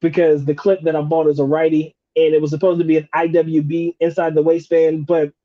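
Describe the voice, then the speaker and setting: On his casual livestream, a man from North Carolina, USA fields questions with slang, profanity and plenty of laughs. His fairly high voice is flat and fairly quick, recorded dry with phone-quality sound.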